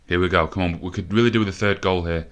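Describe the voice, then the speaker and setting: In let's play commentary on his football management game, a gaming host speaks quickly in a deep voice with fairly even intonation. He is frustrated, cursing and reasoning aloud as he goes.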